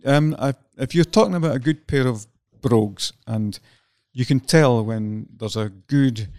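An older Scottish man co-hosting a podcast, chatting in a wry, deliberate and slightly pompous way. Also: mid-range voice, a little mellow, no room sound. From Scotland. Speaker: podcast co-host. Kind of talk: casual chat.

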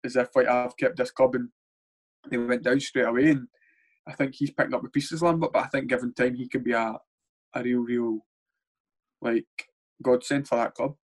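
A man's voice: mid-range voice, steady tone, normal speed, pauses often. A Scottish man, a former footballer, talking bluntly in a casual podcast chat, rambling and swearing freely. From Scotland.

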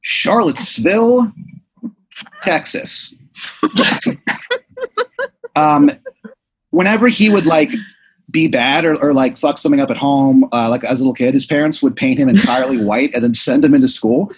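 Husky rambling man spinning a tale. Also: mid-range voice, normal speed, pauses often. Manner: rambling, many fillers and restarts. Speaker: podcast host. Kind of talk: improvised comedy storytelling.

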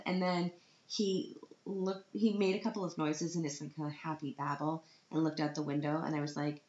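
On the edge of tears, a woman in her thirties vlogs a personal story about her child with dramatic self-mockery. She speaks at a moderate pace in a deep, darkish voice with a level tone, captured in roomy, dull lo-fi audio.

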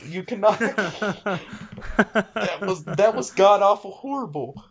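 Giggly reader with a lively voice. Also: medium pitch, takes it slowly, crowd noise. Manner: giggly, stumbles over words. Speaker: reader of scary stories. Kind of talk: casual reading aloud with friends.

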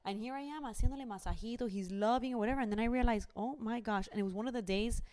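A woman's voice: fairly high pitch, racing, a little mellow, smooth. A young woman, chatting animatedly and dropping in Spanish phrases. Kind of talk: casual chat.

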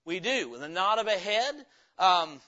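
A man's voice: high-pitched, sing-song, moderate pace, bright, forceful tone. A man preaching a sermon as pastor, in a folksy, conversational way with homespun stories, in a church. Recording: dull lo-fi sermon recording.

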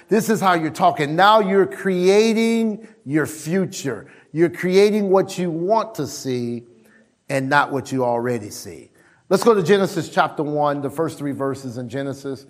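Emphatic high-voiced man preaching a sermon. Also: a little slow. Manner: emphatic, repeats key lines, call-and-response with congregation; animated, swings between loud calls and low asides. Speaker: pastor.

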